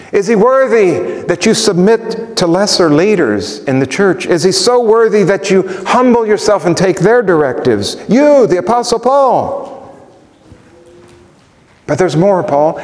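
A pastor preaching a sermon through a string of rhetorical questions. He swings from ringing emphasis down to hushed softness. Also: sits high. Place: church sanctuary. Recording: long reverb of a church hall.

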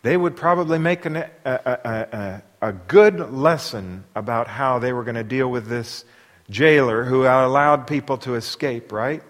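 A man preaching a sermon, asking his listeners rhetorical questions and moving between quiet asides and loud, emphatic passages. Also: mid-range voice, unhurried. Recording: long hall reverb.

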